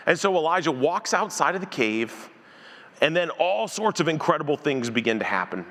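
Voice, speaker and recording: A man's voice: fairly high pitch, brisk, in a large hall. A male pastor preaching a sermon, acting out the voices of the story as he tells it. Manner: animated preacher who acts out voices in the story. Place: church sanctuary.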